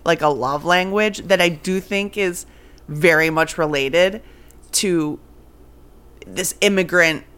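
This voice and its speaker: A woman's voice: lowish voice, takes it slowly, pauses often, fairly bright tone, clear, resonant tone. A woman from Venezuela hosting a podcast, chatting and teasing her guest in a playful, casual way. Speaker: podcast host and comedian. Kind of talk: casual chat.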